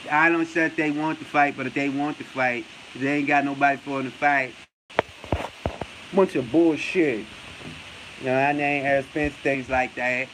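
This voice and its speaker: A man's voice: mid-range voice, background noise, pitched below the performer's own voice, close to an everyday voice. A man doing a mumbling, drawling boxer. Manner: drawling, hesitant, trailing filler phrases. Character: slow, mumbling, low-voiced male boxer impression.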